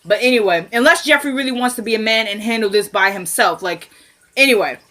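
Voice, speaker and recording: A woman's voice: on the high side, fairly quick, bright, forceful tone. A woman casually recapping a TV episode, retelling scenes with "he was like" and adding her own side comments.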